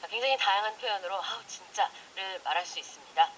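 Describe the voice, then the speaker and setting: A bright, animated woman hosts a radio language segment and jumps between Korean and English with quick, lively delivery. She is a native Korean speaker who acts out short example lines as she goes. Faint hiss sits under the broadcast. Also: mid-range voice, rough recording. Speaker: radio English program host. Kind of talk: bilingual radio chat explaining English expressions.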